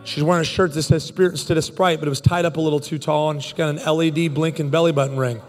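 Animated preacher with hall echo. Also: male voice, on the high side, faint music behind. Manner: animated and joking, quick bursts of speech. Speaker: pastor. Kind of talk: sermon with humorous storytelling.

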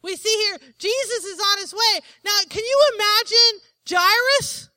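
A woman's voice: very high voice, a little slow, pushed and bright, dry recording. A woman preacher giving an emphatic sermon and often asking the congregation for an amen.

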